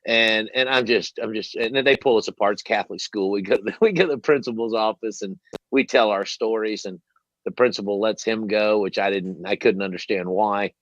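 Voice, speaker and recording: A man hosting an interview, telling a long story in a rambling, animated way and swearing freely. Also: lowish voice, brisk, no room sound. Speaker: host. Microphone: headset. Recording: dull lo-fi dry sound.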